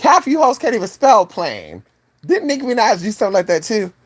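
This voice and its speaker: A woman vlogger telling a casual story to her viewers, animated, with asides to the audience. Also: a little fast. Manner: animated, swoops high for quoted voices, chatty asides to viewers.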